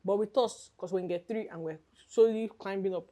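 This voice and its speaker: A woman's voice: mid-range voice, brisk, mellow. A woman in her twenties from Nigeria, co-hosting a casual podcast chat and telling rambling stories with frequent laughs and self-corrections. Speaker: podcast co-host.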